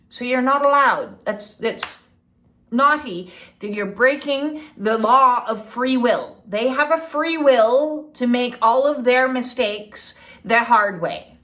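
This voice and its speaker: A woman's voice: high voice, a bit bright. A woman giving a casual spiritual teaching talk. She is blunt and chatty, swears now and then, and keeps checking in with "okay?". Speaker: spiritual coach.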